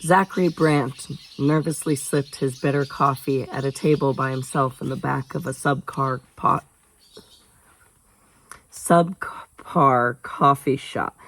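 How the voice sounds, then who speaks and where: A man reads a novel aloud in a relaxed, unpolished way, his voice carrying a gravelly edge. He pitches it in an ordinary middle register and breaks off now and then for chatty, self-mocking asides about his own stumbles. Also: moderate pace, low-quality recording. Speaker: audiobook reader. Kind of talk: casual audiobook reading.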